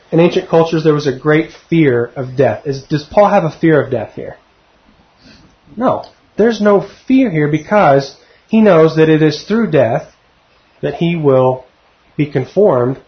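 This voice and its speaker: A man's voice: on the high side, expressive, unhurried, long pauses. A middle-aged man teaching verse by verse through a Bible passage, conversational and often putting questions to his listeners. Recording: dull lo-fi recording.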